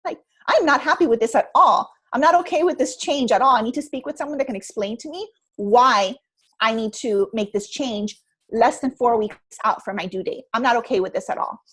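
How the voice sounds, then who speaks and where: A woman's voice: sits high, slightly rough. A pregnant woman in her thirties, a stress management expert, speaking expressively and acting out her own reactions in a conversational interview over a video call. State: heavily pregnant. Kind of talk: conversational interview, animated storytelling.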